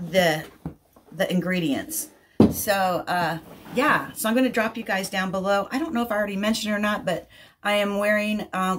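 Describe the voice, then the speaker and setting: A woman crafting vlogger chatting casually through an unboxing, gushing with excited exclamations. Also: fairly low pitch.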